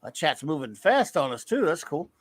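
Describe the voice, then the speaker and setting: A man's voice: a little high, big pitch swings, moderate pace. A man co-hosting a live fan show, chatting casually and reminiscing at length while greeting viewers in the chat.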